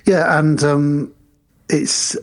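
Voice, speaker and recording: A man co-hosting a podcast, recapping a film's plot at a measured pace and quoting its lines. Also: fairly high pitch, little pitch movement. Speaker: podcast co-host. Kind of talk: casual film discussion.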